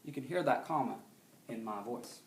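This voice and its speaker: A male teacher giving a recorded grammar lesson in a classroom, explaining steadily and often checking understanding with a quick question. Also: medium pitch, gravelly, echoey room.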